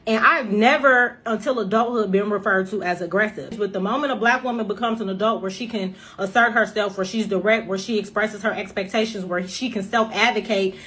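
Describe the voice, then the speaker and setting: A woman's voice: mid-range voice, brisk, few pauses, fairly bright tone. Direct, reflective woman speaking. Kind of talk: personal commentary clip.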